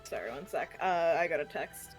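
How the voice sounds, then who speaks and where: A woman's voice: deep voice, lively intonation, moderate pace, soft background music. A woman playing a tabletop game, chatting casually, full of fillers and laughter. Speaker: player.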